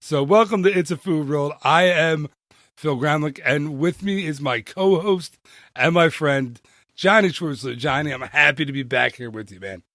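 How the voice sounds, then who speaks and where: A man co-hosting a casual podcast, his voice sitting slightly high. He talks in excited bursts, laughs often and reels off numbers. The mic is close and dry, with no room sound. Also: normal speed, dry recording. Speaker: podcast co-host. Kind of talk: casual chat.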